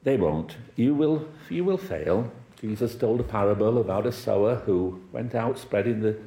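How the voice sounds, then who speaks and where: A man's voice: lowish voice, lively intonation, moderate pace, mellow. A middle-aged man from Wales preaching a sermon in a conversational, anecdotal way, with chuckles and acted-out quotes. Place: church hall. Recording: echoey church room.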